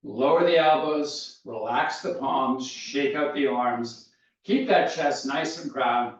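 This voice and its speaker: A slightly winded man talks students through lunges and stretches with calm, steady cues. His voice sits at an ordinary middle pitch. He sounds far from the mic in a very echoey room, and the sound is dull. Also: slow pace. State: out of breath. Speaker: fitness instructor. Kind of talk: guided workout instruction.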